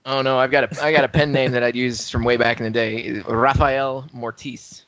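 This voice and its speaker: A man's voice: mid-range voice, little pitch movement, moderate pace, fairly bright tone, dry recording. Teasing man on a dull, dry mic. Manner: teasing questioner. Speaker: podcast co-host. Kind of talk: casual podcast chat.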